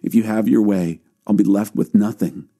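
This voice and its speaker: A man's voice: on the low side, fairly even intonation, normal speed, warm tone. A man reading the lines of a grieving, fearful old father in a scripture reading. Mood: sorrowful. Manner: mournful, pleading.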